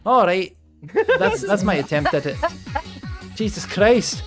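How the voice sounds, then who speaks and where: Male host, joking around, super animated pitch, quiet music in the back. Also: unhurried. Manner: joking, laughing often. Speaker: game master and stream host. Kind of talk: casual stream chat.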